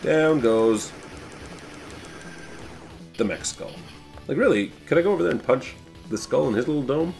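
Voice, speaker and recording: A man's voice: mid-range voice, lively intonation, moderate pace, vocal fry, long pauses, darkish tone, faint music behind. A man giving loose, rambling commentary while playing an old arcade game, swearing casually and joking about himself. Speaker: YouTube host playing a game.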